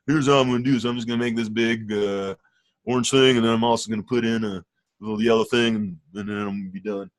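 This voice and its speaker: A man doing a quick impression of an offhand painter with a Southern US accent, breezy and matter-of-fact. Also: on the low side, fairly even intonation, dry recording, natural voice. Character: offhand male painter with a folksy drawl.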